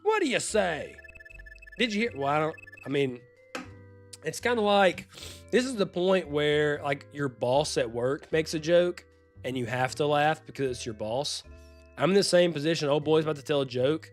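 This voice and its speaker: A man with a Louisiana accent, chatting and joking as he streams a retro game, now and then yelping with excitement. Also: on the high side, normal speed. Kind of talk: casual live-stream commentary. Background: faint game music.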